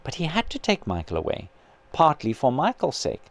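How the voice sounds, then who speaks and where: A man reading aloud as a patient male spirit who gently and earnestly persuades his grieving sister. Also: a little high, moderate pace, gravelly, exaggerated voice. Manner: calm, kindly, earnest persuasion.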